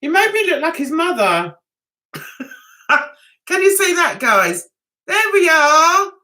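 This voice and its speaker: A woman's voice: high voice, big pitch swings, unhurried, bright, forceful tone. An older woman, hosting a casual livestream chat and rambling with giggles. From England. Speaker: livestream host.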